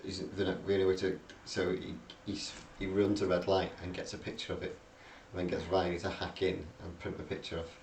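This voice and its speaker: A man's voice: deep voice, little pitch movement, fairly quick, few pauses, a little mellow. A man co-hosting a casual film podcast, rambling through the plot with lots of fillers and restarts. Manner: rambling, hesitant, recounting plot with many fillers. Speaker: podcast co-host. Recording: roomy, distant mic, faint background noise.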